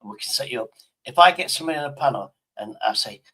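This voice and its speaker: A man's voice: mid-range voice, fairly quick, pushed and bright, slightly rough, low-quality recording. A man from Derbyshire with a Derbyshire accent, a tipsy stream host rambling and swearing in casual chat. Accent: Derbyshire English. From Derbyshire, England.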